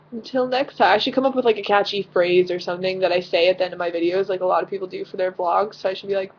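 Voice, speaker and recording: A woman's voice: mid-range voice, steady tone, quick pace, dull audio. A teenage girl vlogging casually from her bedroom, rambling with lots of fillers and giggles. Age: teens. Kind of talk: casual vlog chat. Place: own bedroom.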